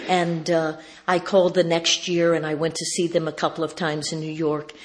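A woman with a notably low voice shares her recovery story before a meeting. She talks in a folksy, wry way, slipping into the voices of the people in her tale. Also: level tone, moderate pace. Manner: folksy, wry, acts out quoted dialogue. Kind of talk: personal storytelling talk.

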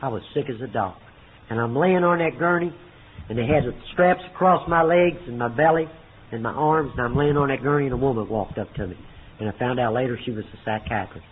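A man speaking at a recovery meeting, telling his story in a folksy way, booming on punchlines and dropping low for quoted lines. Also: fairly quick, breathy edge. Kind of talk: personal testimony to a meeting. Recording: tinny phone-like recording with faint noise.

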